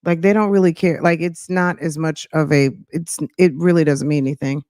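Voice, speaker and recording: A woman's voice: sits low, steady tone, brisk, dark tone, no echo, studio quality. A woman from New Jersey hosting a reaction channel, chatting casually with sassy, judgy asides. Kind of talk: casual commentary.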